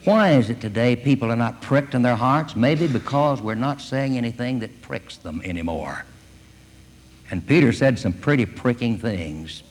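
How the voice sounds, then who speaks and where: A man's voice: medium pitch, lively intonation, moderate pace. A man preaching a sermon in a folksy, storytelling way, often adding "you see". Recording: long hall reverb.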